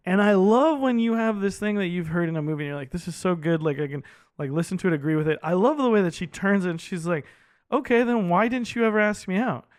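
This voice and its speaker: A man co-hosting a movie podcast, talking casually and excitedly, peppering his speech with "like" and the odd swear. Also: fairly high pitch, clear, resonant tone, no room sound, clean studio sound. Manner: animated, heavy use of "like", swears casually. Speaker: podcast co-host.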